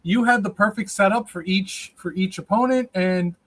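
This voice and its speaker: A man hosting a stream show with a somewhat high voice. He chats casually, leaning on fillers and quick agreement. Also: fairly bright tone, poor audio. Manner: chatty, full of fillers and quick affirmations. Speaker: show host.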